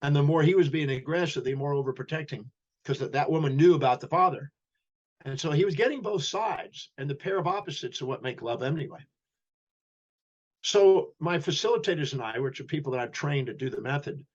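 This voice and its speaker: A man's voice: fairly high pitch, dull audio. A man, a human behavior specialist, telling a story as a podcast guest and acting out the dialogue.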